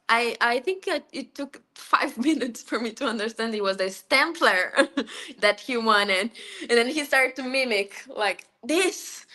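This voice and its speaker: A woman from Brazil speaks English in a relaxed live chat. Her voice is bright and a little high, and she laughs often as she tells workplace stories. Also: a little slow. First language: Portuguese. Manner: laughs often, animated storytelling. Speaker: guest, former cruise ship buffet administrator. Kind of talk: casual live interview.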